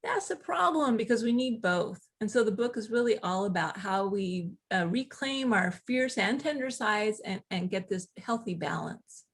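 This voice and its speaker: A woman guest author telling stories in casual conversation, animated, with quick asides and laughter. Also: mid-range voice, breathy edge.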